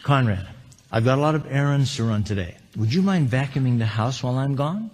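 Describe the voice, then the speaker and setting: A man's voice: medium pitch, lively intonation, a little fast, a little mellow, voice pushed down, close to an everyday voice. A man speaking as a wife who politely asks her husband to help with the housework, in his own voice without much change. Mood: polite request. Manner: polite, asking a favour. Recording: long hall reverb.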